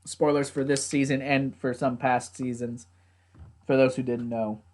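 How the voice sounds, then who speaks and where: A man's voice: mid-range voice, level tone, a little slow, darkish tone. A man recapping and reviewing a TV episode in a casual, rambling way, now and then swearing at himself or his gear. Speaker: TV show reviewer.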